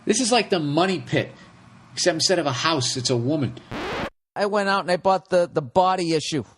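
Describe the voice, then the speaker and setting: A man, hosting a comedy podcast with a profane, sarcastic rant that slips into mocking voices. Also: a little high. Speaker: podcast host.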